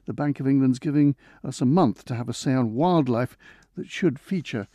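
A man's voice: mid-range voice, normal speed, warm tone, no echo. A man presenting radio news and bantering with a colleague in a dry, teasing way.

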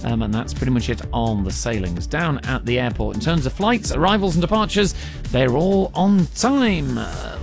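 Chatty radio presenter, lively. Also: male voice, a little high, gravelly. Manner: chatty, jokey, with many ums. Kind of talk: casual radio chat and travel news. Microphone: studio microphone.

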